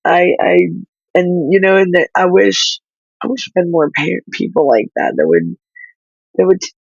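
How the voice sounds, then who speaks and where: A woman whose child is in foster care, speaking through tears in halting, pleading talk that stops and restarts. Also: on the low side, big pitch swings, no echo, highs cut off. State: crying, tearful. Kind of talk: emotional livestream talk.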